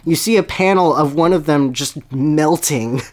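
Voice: mid-range voice, normal speed. A podcast co-host casually and comically reviewing a comic, laughing often and reading panels aloud with gusto.

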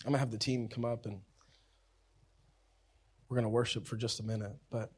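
A man preaching a sermon as pastor, talking conversationally, repeating and restarting phrases, with swings from loud and urgent to soft and quiet. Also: medium pitch, little pitch movement, brisk, husky.

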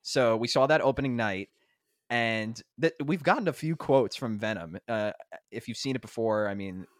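A man's voice: mid-range voice, moderate pace, no echo, clean studio sound. A young man in his twenties co-hosting a podcast, telling stories in a casual, laughing way. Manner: laughing, animated storytelling. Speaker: podcast co-host.

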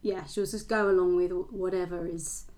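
A woman co-hosting a casual book-club podcast, hesitant, with many pauses and restarts. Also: on the low side, fairly even intonation, a little mellow. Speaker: podcast co-host.

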